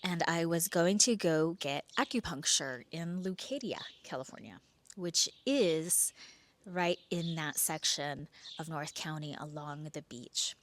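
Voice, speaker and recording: A woman hosting and telling her own true story, expressive, dropping into hushed whispers and swinging between slow and quick delivery. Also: deep voice, a little hiss or hum. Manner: pace swings between slow drawn-out and rushed. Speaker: podcast host telling a personal story. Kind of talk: first-person storytelling.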